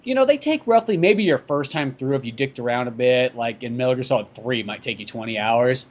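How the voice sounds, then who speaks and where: A man co-hosting a casual podcast, chatting quickly about games. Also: mid-range voice, expressive. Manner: fast, chatty, gamer talk. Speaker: podcast co-host. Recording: dull lo-fi podcast audio.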